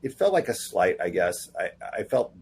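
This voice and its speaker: A man guest on a casual podcast interview, telling animated stories and acting out quoted dialogue. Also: sits low, normal speed, gravelly, slight background noise. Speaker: comic book writer guest.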